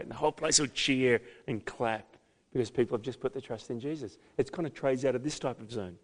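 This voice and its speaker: A man preaching a sermon as pastor, emphatic, with loud, dramatic peaks. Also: mid-range voice, lively intonation, a little fast. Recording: long hall reverb.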